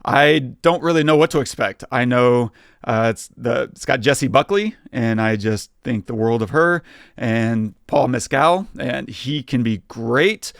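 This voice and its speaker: Gravelly-voiced man chatting casually. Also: medium pitch, a little slow, dry recording, clean studio sound. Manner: relaxed, lots of fillers and laughs. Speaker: podcast co-host. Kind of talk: casual chat.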